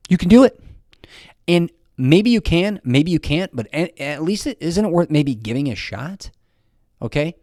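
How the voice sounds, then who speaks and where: In a dry, studio-quality recording, a man in his fifties with a mid-range, slightly mellow voice offers fitness advice directly to camera. The fitness vlogger's casual motivational talk is blunt and rambling, with plenty of swearing and sentences he restarts.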